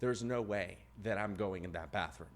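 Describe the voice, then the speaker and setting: A man's voice: fairly low pitch, normal speed. A man co-hosting a podcast, telling a long personal story in casual chat and acting out the other people in it. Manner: animated, voices other people and gets loud at the climax. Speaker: podcast co-host.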